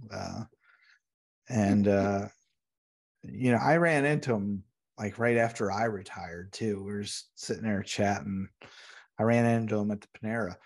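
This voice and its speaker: A man telling an animated story as a podcast guest. He is a retired Navy veteran who laughs and acts out the people he quotes. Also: lowish voice. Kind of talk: casual storytelling.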